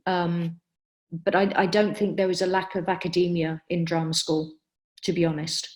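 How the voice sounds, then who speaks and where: A woman's voice: fairly low pitch, little pitch movement, normal speed, a little mellow. A middle-aged woman, an acting practitioner, giving direct, emphatic career advice on a webinar and answering questions with frequent ums. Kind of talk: webinar Q&A talk.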